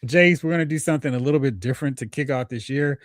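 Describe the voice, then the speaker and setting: A man's voice: mid-range voice, fast, dry recording, studio quality. A man hosting a casual movie podcast, teasing his co-hosts and reading out comments from the chat. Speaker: podcast host.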